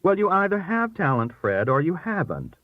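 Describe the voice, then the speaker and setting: A man's voice: sits high, big pitch swings, normal speed, no room sound, pitched above the performer's own voice. A man reading aloud and voicing a scornful, theatrical middle-aged wife who complains dramatically. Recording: thin phone-like dry sound.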